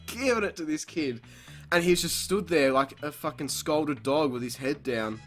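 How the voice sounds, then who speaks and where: A young man hosts a casual podcast chat, his voice a bit high and sharply bright. He swears constantly, laughs between lines and bellows the words he quotes. Soft music plays underneath. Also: normal speed. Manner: profane, laughs often, acts out quotes loudly. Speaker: podcast host.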